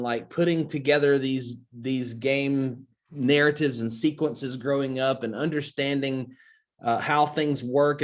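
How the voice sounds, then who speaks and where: A man in his forties from Alabama with a Southern American accent, talking casually as a podcast guest, chatty and self-deprecating with plenty of fillers. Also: medium pitch. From Alabama, USA. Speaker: podcast guest, crypto investor. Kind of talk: casual interview talk.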